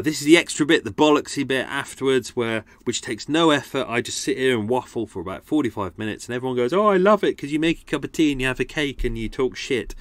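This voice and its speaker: A man's voice: medium pitch, dry recording. A man hosting a podcast, chatting casually in a rambling, sweary and self-mocking way. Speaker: podcast host. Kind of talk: casual chat.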